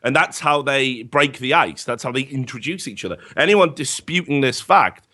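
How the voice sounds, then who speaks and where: Man telling animated, profane stories. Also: mid-range voice, normal speed. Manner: sarcastic asides. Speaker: podcast guest. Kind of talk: casual podcast chat.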